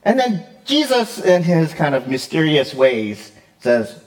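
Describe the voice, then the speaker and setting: A male pastor preaching a conversational sermon, lively and quick, with fillers and frequent "right?" check-ins. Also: on the high side. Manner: quick, with fillers and self-corrections.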